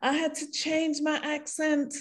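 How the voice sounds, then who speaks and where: A woman with a Jamaican accent, a singer appearing as a podcast guest, tells a story with lots of energy, laughing and doing voices. Her voice is high and her pace a little slow.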